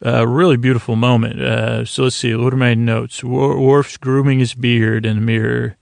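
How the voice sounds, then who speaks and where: A man hosting a sleep podcast, recapping a TV episode in a soft, meandering way with many fillers and restarts. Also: mid-range voice, little pitch movement, moderate pace, creaky, dry recording.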